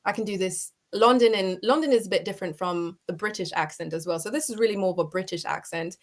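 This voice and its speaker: A woman guest in an interview, talking in an animated, expressive way and laughing easily. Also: mid-range voice, fast talker. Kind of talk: interview conversation.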